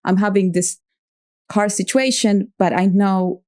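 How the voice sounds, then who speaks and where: Speaking a little slowly in a steady, mid-range voice with a darkish tone, a female podcast host talks reflectively during an interview. She often gropes for the right words and is quick to laugh.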